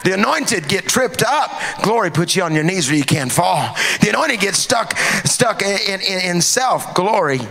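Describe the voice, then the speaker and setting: Preacher guy, high voice, really animated, gets shouty. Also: normal speed, gravelly, few pauses. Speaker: pastor. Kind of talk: sermon.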